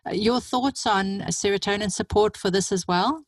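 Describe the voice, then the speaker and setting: A woman's voice: mid-range voice, normal speed, no room sound. A woman hosting an interview, talking enthusiastically at length about what she has read. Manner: enthusiastic, talkative. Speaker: summit host.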